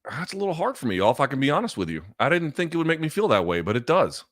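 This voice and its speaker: A man hosting a live fight watchalong, going from loud excited outbursts to quiet, emotional reflection, with plenty of swearing. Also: a little high, racing. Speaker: host. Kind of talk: live fight reaction commentary.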